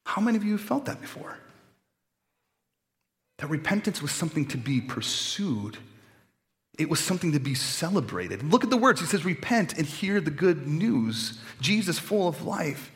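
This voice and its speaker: A man's voice: on the high side, very animated, moderate pace, pauses often, a bit bright. A man in his thirties preaching a sermon in an earnest, conversational way that swells with feeling. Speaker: pastor. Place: church sanctuary. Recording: long church reverb.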